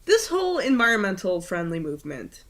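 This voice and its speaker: A woman's voice: mid-range voice, very animated, a little fast, a bit bright. A woman co-hosting a podcast in casual chat, talking freely with lots of fillers and swearing. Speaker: podcast co-host. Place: home in Italy.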